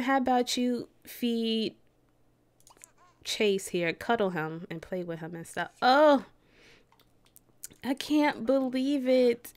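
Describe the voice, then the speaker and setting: A young woman in her twenties giving casual let's play commentary, excitable and gasping in disbelief. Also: fairly high pitch. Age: 20s. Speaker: gaming YouTuber.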